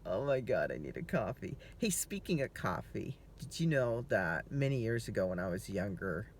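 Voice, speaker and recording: A man's voice: fairly low pitch, very animated, moderate pace, slight background noise. A tired middle-aged man vlogging from his car, rambling through casual stories, swearing freely and laughing easily. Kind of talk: casual chatty storytelling.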